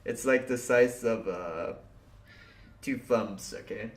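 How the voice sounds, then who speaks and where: A man's voice: medium pitch, takes it slowly. A young man co-hosting a podcast, telling stories in a casual, laughing, swear-heavy way and acting out his own past reactions. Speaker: podcast co-host. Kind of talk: casual chat. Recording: echoey room.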